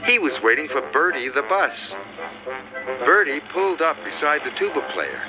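A man reading a children's story aloud in an expressive, sing-song narrating manner. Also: a little high, moderate pace, noisy background.

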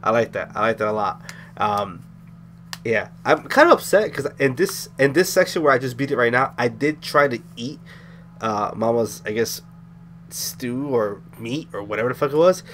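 A man's voice: mid-range voice, lively intonation, normal speed, a bit bright, a little hiss or hum. Profane laid-back man recapping a game. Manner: profane, loose and rambling. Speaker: gaming commentator. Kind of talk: let's play commentary.

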